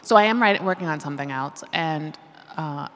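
A woman's voice: low-pitched, brisk, fairly bright tone, slight background noise. A middle-aged woman, an author, speaking thoughtfully in a conversational interview and laughing often. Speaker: author guest. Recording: long reverb of a hall.

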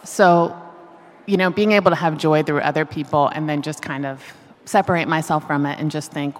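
A middle-aged woman with a low, grounded voice talks things through as an author in an interview. She is reflective and laughs often. Her voice trails into the long reverb of a hall. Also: fairly even intonation, a little fast, gravelly. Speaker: author guest. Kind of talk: conversational interview.

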